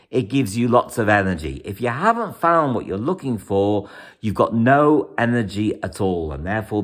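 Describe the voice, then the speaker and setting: Lively rambling male astrologer. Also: medium pitch. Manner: animated, rambling, repeats words for emphasis; breaks into chuckles. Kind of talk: weekly astrology forecast monologue.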